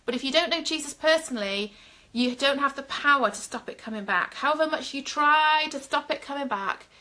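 A woman's voice: fairly high pitch, bright, forceful tone. A middle-aged woman minister leading a live-streamed prayer session, fervent and speaking straight to viewers with frequent ums. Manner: fervent, talks directly to viewers with filler ums.

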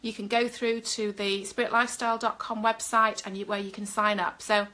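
A woman's voice: mid-range voice, little pitch movement, brisk, pushed and bright. A middle-aged woman minister leading a live-streamed prayer session, fervent and speaking straight to viewers with frequent ums. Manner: fervent, talks directly to viewers with filler ums.

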